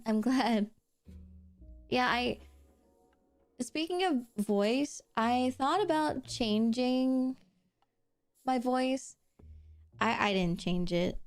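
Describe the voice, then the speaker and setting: Woman streamer, casual chat while drawing; unhurried, clean smooth tone, giggly, swears a bit. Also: mid-range voice, a little mellow.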